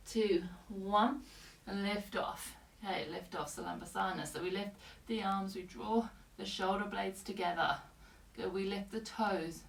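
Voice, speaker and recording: Woman yoga teacher, short calm breath cues, slightly out of breath, echoey room, distant from the mic. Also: medium pitch, creaky. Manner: calm breath-paced cueing with short commands. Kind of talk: guided yoga class instruction.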